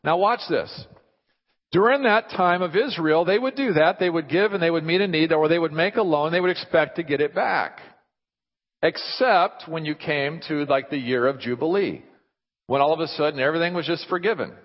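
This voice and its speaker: Guy preaching, lively, keeps asking the crowd questions, kinda muffled sound. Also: fairly high pitch, normal speed. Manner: animated, asks the listeners rhetorical questions. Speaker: pastor. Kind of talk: sermon. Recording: dull sound with long hall reverb.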